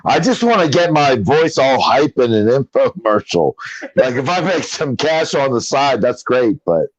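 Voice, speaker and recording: A man co-hosting a casual sports podcast, excitable and jokey. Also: mid-range voice, normal speed, no echo, rough recording. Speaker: podcast co-host.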